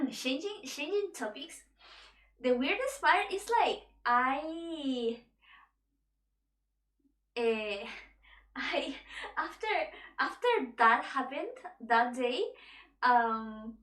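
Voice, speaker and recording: A woman's voice: sits high, expressive, very slow, pauses often, a bit bright. A woman VTuber streamer chatting casually while she draws, telling a story in a rambling way with frequent restarts. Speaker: VTuber streamer and webtoon artist. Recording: echoey room, mic at a distance, background music. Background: background music.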